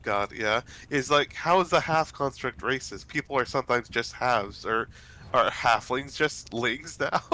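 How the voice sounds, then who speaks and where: Casting: stuffed-up guy, bright tone, rambly casual gaming chat. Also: mid-range voice, measured pace, poor audio. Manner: rambling, many fillers and restarts. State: stuffy, congested nose. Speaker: let's play host.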